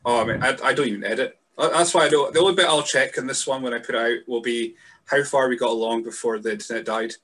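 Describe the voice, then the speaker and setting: A man's voice: mid-range voice, a bit bright. Self-mocking Scottish man chatting on a podcast. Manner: quick, self-mocking, stammering restarts, swears. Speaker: podcast host. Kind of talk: casual podcast chat. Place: remote podcast call.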